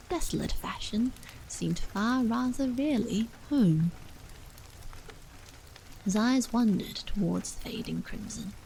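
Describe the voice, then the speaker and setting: Woman whispering a bedtime story, gravelly. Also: on the high side, rough recording. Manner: soft, slow, half-whispered reading. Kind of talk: whispered role-play, bedtime story reading. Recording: faint rain noise behind. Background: rain.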